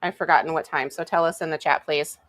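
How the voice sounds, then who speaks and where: A woman's voice: deep voice, steady tone, quick pace, a bit bright, dry recording, low-quality recording. A woman hosting a live cooking show from a home kitchen, chatting casually and laughing easily.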